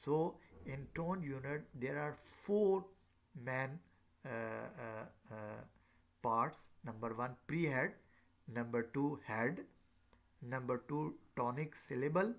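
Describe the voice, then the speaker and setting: A male lecturer talks at an unhurried crawl, stopping often on fillers and repeating words as he goes. Every so often he acts out short example phrases to show how tones rise and fall. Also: medium pitch, gravelly. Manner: slow and halting, many fillers and repeats; demonstrates rising and falling tones on example phrases. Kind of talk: recorded lecture.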